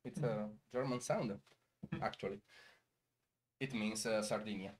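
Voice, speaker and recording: A man's voice: fairly low pitch, unhurried, a little hiss or hum. A man with an Italian accent hosting a casual live stream from home, hesitant and laughing often. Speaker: streamer host.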